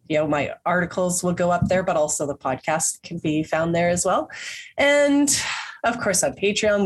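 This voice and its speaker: A woman's voice: fairly low pitch, a little hiss or hum. A woman guest on an interview podcast, talking casually with a stuffy nose, rambling with restarts and small laughs.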